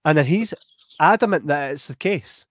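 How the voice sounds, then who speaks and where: A man's voice: on the high side, moderate pace, no echo, studio quality. A Scottish man telling an anecdote in casual chat, acting out what other people said. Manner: animated anecdote-telling, acting out quoted voices.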